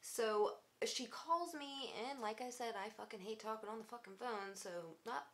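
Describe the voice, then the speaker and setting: A woman's voice: fairly high pitch, normal speed. A woman in her twenties telling a story in a casual vlog, blunt and sarcastic, swearing freely. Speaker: vlogger.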